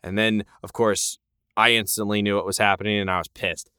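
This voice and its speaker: Guy cohosting a podcast, casual recap, swears a bit, smooth voice, dry close mic. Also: fairly low pitch, flat delivery, brisk, pushed and bright, no room sound. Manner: casual, swears, acts out quoted lines. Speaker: podcast co-host.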